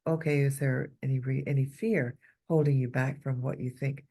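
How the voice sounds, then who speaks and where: Gravelly-voiced woman posing questions. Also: extremely low pitch, steady tone, dark tone. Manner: thoughtful, posing questions, halting. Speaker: spiritual talk co-host. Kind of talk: reflective spiritual talk.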